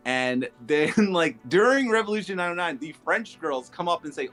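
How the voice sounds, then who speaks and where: A man's voice: fairly high pitch, moderate pace, soft background music. A man co-hosting a casual stream chat, telling stories with frequent laughter. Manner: animated storyteller, laughs often. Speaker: co-host and DJ.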